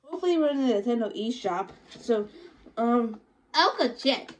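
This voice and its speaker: A woman hosting a fan reaction skit, voicing several characters and swinging between shouts and quiet asides. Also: on the high side, expressive, normal speed, slight background noise.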